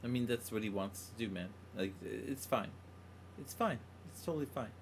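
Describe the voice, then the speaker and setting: A man's voice: mid-range voice, animated, moderate pace, a little hiss or hum. A man hosting a podcast, teasing his co-host and swearing freely as he chats and reads out news stories. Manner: profane, teasing. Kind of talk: casual banter.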